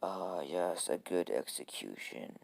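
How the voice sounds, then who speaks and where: A man voicing a cold, menacing boy with sand powers, in a low and hushed voice. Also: big pitch swings, slow, creaky, exaggerated voice.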